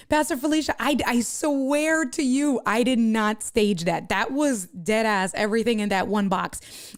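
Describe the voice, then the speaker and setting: A woman live streamer talking casually to her viewers, walking them through her camera gear step by step and answering their comments as they come in. Her pitch sits in the middle for a woman. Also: no room sound, studio quality.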